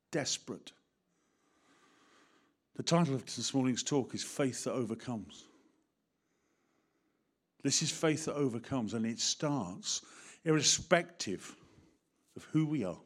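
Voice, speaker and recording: A middle-aged man with an English accent delivers a sermon in an ordinary, mid-range voice. He is animated and personal, addressing listeners by name and playing out short scenes in different voices. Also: medium pitch. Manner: animated, acts out voices, talks directly to the congregation. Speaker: preacher.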